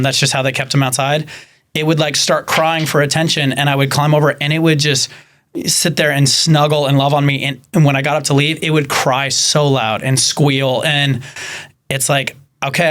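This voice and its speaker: A man who works in animal rescue, a podcast guest, talking in casual chat and telling animated stories that act out the people he quotes. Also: a little high, normal speed.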